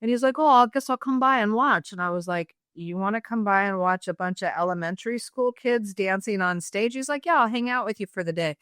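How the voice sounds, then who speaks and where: A woman guest on a podcast, the subject's sister, reflectively recounts memories in casual interview storytelling, acting out bits of remembered dialogue. Her medium-pitched voice is brisk with few pauses, a bit bright, clear, and resonant. The studio recording is dry and clean.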